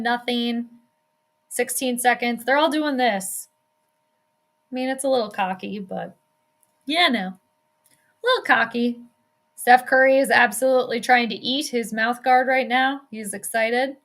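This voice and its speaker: A woman's voice: fairly high pitch, fairly bright tone. A young woman doing casual live play-by-play, chatting and reacting aloud to the games she watches. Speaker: sports streamer doing her own play-by-play.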